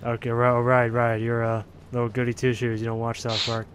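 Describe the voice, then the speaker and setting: A man hosts a casual gameplay session, teasing his co-player and reacting excitably to the game. His voice sits in an ordinary mid range, with playful, quick banter. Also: medium pitch, a little hiss or hum. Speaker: host of a gameplay channel.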